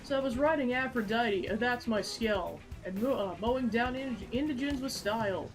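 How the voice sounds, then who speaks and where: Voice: mid-range voice, normal speed, soft background music, natural voice, low-quality recording. A gamer voicing an indignant, hot-headed young man while reading game dialogue aloud. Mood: angry. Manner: whiny and indignant.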